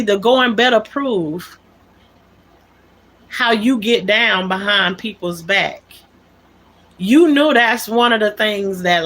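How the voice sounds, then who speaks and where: A woman's voice: medium pitch, a bit bright. Aggrieved woman on a livestream. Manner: aggrieved, emphatic, repeats key words. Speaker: livestream host. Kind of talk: unscripted livestream monologue.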